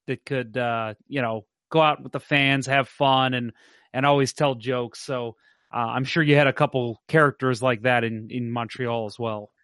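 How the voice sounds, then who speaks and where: A young adult man hosting a casual sports podcast, telling anecdotes in an animated way. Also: mid-range voice, no room sound, clean studio sound. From St. Louis, USA. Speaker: podcast host.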